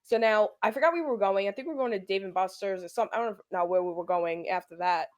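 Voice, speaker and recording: A young woman co-hosts a podcast, speaking at medium pitch and a quick pace as she tells a story in casual chat. She's animated and swears freely, acting out what people said.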